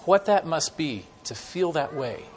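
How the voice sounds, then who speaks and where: A man preaching a sermon with stories to a church congregation, talking in a conversational way with many fillers and dramatic pauses. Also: a little high, very animated, a little mellow, slight background noise. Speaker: guest preacher.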